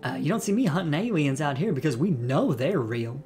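A man's voice: on the high side, expressive, fairly quick, music in the background, lightly acted. A man voicing a chatty young female cryptid-hunting vlogger in a put-on Southern US accent, breezy and rambling. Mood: folksy.

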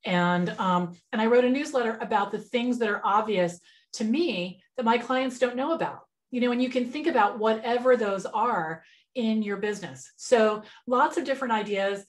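A woman's voice: on the high side, normal speed. Chatty woman mentor on a webinar. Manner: relaxed, chatty, frequent fillers and restarts. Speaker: business mentor giving a webinar. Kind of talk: conversational webinar presentation.

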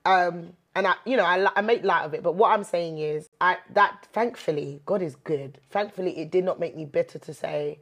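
A woman with a low-pitched voice talks openly in an interview, earnest and reflective. She leans on her faith as she speaks, and gets animated when she jokes. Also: moderate pace, few pauses. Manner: earnest, animated when joking, many fillers. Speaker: interview guest. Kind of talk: candid faith-based chat.

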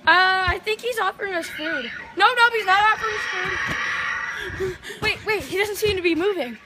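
Very high-voiced woman in a panicky skit. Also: normal speed. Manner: panicky, shouts and whispers by turns. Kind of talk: amateur horror skit acting. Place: backyard outdoors at night. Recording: noisy outdoor home recording.

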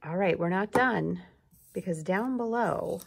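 A woman teacher giving a gentle, encouraging lesson to young children, clapping out syllables. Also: on the low side, measured pace, gravelly, breathy edge.

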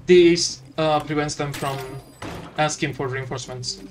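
Man doing sarcastic, profane let's-play commentary with a fairly high voice. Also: fairly even intonation, measured pace, a little hiss or hum. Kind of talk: gameplay commentary.

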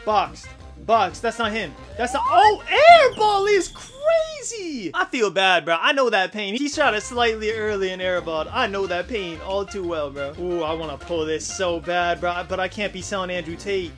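A young man, a gaming YouTuber, gives live gameplay commentary from his home setup in front of a TV, hyped and slangy as he trash talks opponents for his teammates and viewers. His voice sits high and sounds bright and forceful, at a moderate pace, with faint music in the background.

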